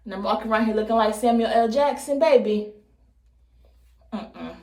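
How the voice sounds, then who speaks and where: A woman's voice: a little high, normal speed, a little mellow. A woman in her thirties chatting casually on camera as she does her hair, playful and jokey, talking straight to her viewers. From United States. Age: 30s. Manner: playful, jokey, talks to viewers as "baby" and "y'all". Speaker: hair vlogger. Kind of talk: casual chat while styling hair on camera. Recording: echoey room.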